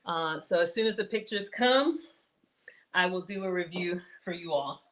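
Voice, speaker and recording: A woman's voice: fairly low pitch, normal speed, a bit bright. A woman chatting casually while hosting a live cooking stream, reading viewer comments aloud and laughing often. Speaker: livestream cooking host.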